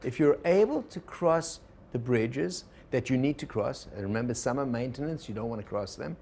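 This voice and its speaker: A man teaching a workshop to a live group, relaxed and digressive, often turning to the audience with questions. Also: mid-range voice, normal speed. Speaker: organizational consultant teaching a workshop.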